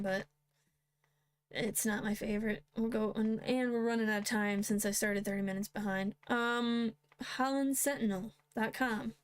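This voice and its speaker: A woman with a somewhat high voice reads news headlines aloud as host. She breaks in with blunt, sarcastic remarks in a casual, unscripted way. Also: smooth. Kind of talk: reading and commenting on news headlines.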